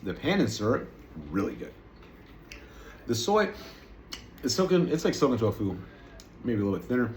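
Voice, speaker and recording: He speaks at medium pitch and normal speed in a sing-song way, pausing often. He's an American vlogger tasting snacks on camera, chatty, rambling and self-deprecating, in a room that echoes a bit and carries faint noise.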